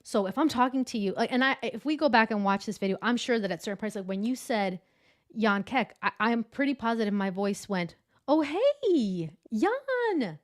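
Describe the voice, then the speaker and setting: An enthusiastic woman speaks as a guest over a video call, explaining with energy. She talks in a lively, chatty teaching manner, often using filler words. Her voice sits at a middling pitch. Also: brisk. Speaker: guest, adjunct professor of public speaking. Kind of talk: casual interview chat.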